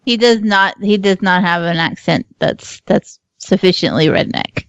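A woman co-hosts a podcast, teasing and laughing through casual chat. Her voice sits at an ordinary pitch. The sound is dry, with no room around it. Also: a little slow, gravelly, clear, resonant tone, no echo, muffled recording. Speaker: podcast co-host.

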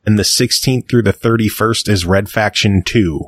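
A man's voice: lowish voice, normal speed, no echo. A man co-hosting a casual podcast, laid-back, moving the chat into gaming news. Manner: relaxed, reads out gaming news. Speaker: podcast co-host.

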